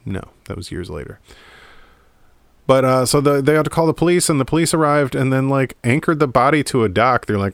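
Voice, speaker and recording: A man's voice: lowish voice, moderate pace, creaky, no echo. A man chatting casually and irreverently about a movie at home, rambling, swearing and laughing often. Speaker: movie commentator. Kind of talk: casual movie chat to camera. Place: home room in front of a DVD rack.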